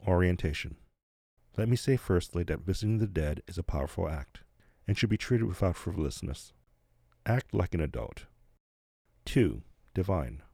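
A middle-aged man from New Jersey hosting a podcast, telling a story in measured, plain-spoken scripted narration. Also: low-pitched, mellow, no room sound. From United States, New Jersey. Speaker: podcast host.

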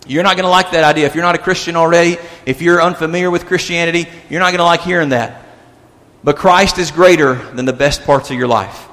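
A man preaching in a church sanctuary, his fairly high voice trailing off into a long hall reverb. He is emphatic, repeats his key lines, and drops to a hush for asides. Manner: emphatic, repeats key lines, swings between loud and hushed. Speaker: pastor. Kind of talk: sermon.

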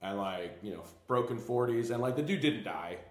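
A man's voice: medium pitch, animated, normal speed, echoey room, slight background noise. A man, a tattoo shop owner, telling rambling, profane stories in casual talk and filling them with "like". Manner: profane, rambling, heavy use of "like". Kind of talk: casual storytelling.

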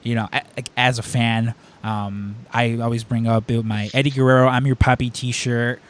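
A man's voice: medium pitch, moderate pace. A man hosting a podcast, talking casually and rambling with lots of filler words as he tells a story. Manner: animated storyteller. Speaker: podcast host. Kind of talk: casual chat.

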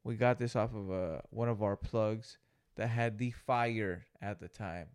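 This young male podcast co-host spins a laid-back, slang-filled story packed with profanity. His voice is on the low side, clear and resonant, with a steady tone and an unhurried delivery, all in a casual storytelling chat.

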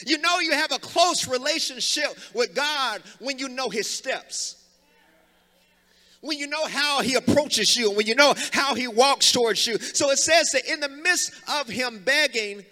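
A man preaching a sermon as pastor, calling out to the congregation and breaking into sung and shouted phrases. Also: very high voice, lively intonation, a little slow. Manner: preaching with rising fervor, sings and shouts phrases, calls on congregation to respond. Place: church sanctuary. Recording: long hall reverb from live sanctuary.

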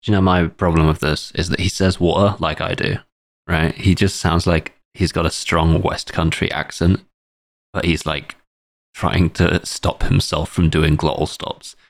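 Gravelly, deep-voiced man chatting. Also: little pitch movement, measured pace, no room sound, studio quality. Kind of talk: casual chat.

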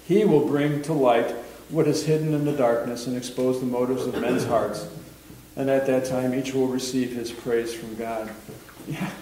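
A man leads a Bible study at a medium pitch, talking in a loose, conversational way and often asking "okay?" His voice carries the echo of a large room, and he sounds set back from the mic. A faint hum of room ambience sits behind him. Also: moderate pace. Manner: relaxed and chatty, often checks in with "okay?". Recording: roomy sound from some distance off the mic.

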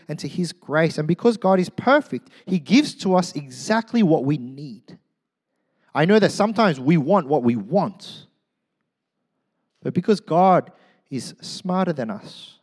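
Brief: middle-aged male pastor, a touch high-pitched, animated joking sermon, drops to quiet asides. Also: in a large hall. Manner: animated, joking, swings from loud to hushed. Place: church.

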